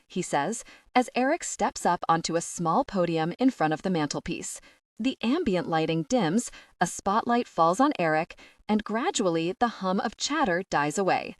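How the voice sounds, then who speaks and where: A woman narrating a first-person audiobook in a lively, expressive way. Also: on the low side, normal speed, dry recording, studio quality, distant mic.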